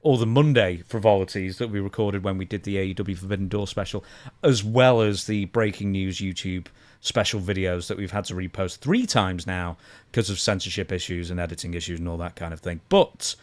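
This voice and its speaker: A man's voice: low voice, brisk. A man co-hosting a casual podcast, wrapping up the show in a rambling, dry way. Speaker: co-host.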